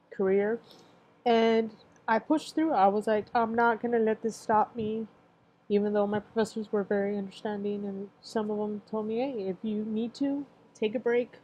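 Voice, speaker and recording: A woman's voice: on the high side, dark tone, rough recording. A young woman in her twenties telling her own story in a casual, rambling way, full of filler phrases and emotional at times. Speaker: cancer survivor sharing her story. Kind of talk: casual personal testimony.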